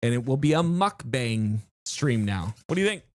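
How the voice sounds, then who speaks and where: Excitable game streamer, lively pitch, dry close mic, rambling chat to viewers. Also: normal speed, no room sound. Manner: excitable and chatty, restarts sentences, talks to chat.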